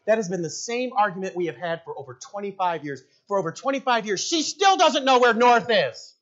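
Middle-aged pastor preaching, higher voice, lively and joking, dull lo-fi sound. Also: male voice, a little fast. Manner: animated, jokey, shouts in acted quotes. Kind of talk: sermon.

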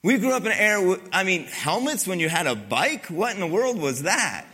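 An older male pastor preaches with a bright, forceful voice that sits a little high for a man. He tells stories and speaks straight to his congregation. He swings from loud, ringing exclamations down to hushed, almost whispered lines. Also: sing-song, a little fast, slightly rough. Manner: storytelling, conversational asides to the congregation. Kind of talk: sermon.

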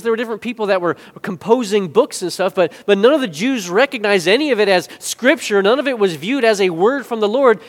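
A man preaching with animated swings between hushed asides and loud, emphatic climaxes. His voice sits a little high for a man and rings out with a long hall reverb, as if recorded in a church sanctuary. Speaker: pastor. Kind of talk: sermon.

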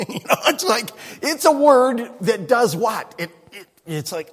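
A high-voiced man preaches with lively swings of pitch, humorous and animated. His voice is husky. A long hall reverb trails behind every line. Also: a little slow, hardly any pauses. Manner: animated, humorous, laughs often. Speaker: pastor. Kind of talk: sermon.

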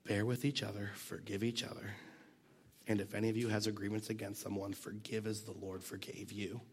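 A man's voice: on the low side, level tone, fairly quick, a little hiss or hum. A man teaching a Bible passage in a casual, conversational way, fighting a cough and sometimes dropping to a near whisper. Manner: conversational, self-deprecating, drops to near whisper at times.

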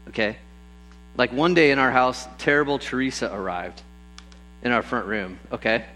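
Animated male pastor preaching. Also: mid-range voice, a little hiss or hum, rough recording. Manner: lively storytelling, acts out voices with bursts of excitement. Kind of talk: sermon.

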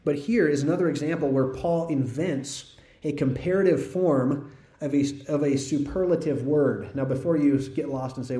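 A man preaching an expository sermon in a large church. His voice sits fairly high and sounds mellow and dark. He teaches in a conversational way and grows animated when he tells a story. The room adds a roomy echo. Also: moderate pace. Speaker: pastor.

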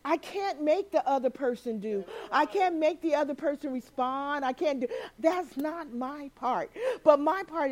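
A woman preaching a sermon, animated and laughing as she acts out quoted voices. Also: high-pitched, measured pace, few pauses.

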